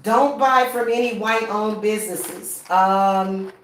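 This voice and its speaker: A woman's voice: medium pitch, takes it slowly, echoey room, slight background noise. Blunt, profane woman ranting at home. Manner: blunt, profane, laughing, talks straight to viewers. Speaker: spiritual practitioner vlogger. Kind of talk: casual ranting vlog.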